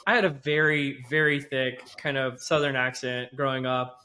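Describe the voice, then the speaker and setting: A man's voice: medium pitch, steady tone, moderate pace, bright, forceful tone. A man from rural North Louisiana hosting a podcast, chatting casually and laughing easily, with lots of "like.". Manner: friendly, laughs easily, hedges with "like". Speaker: podcast host. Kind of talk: casual interview chat.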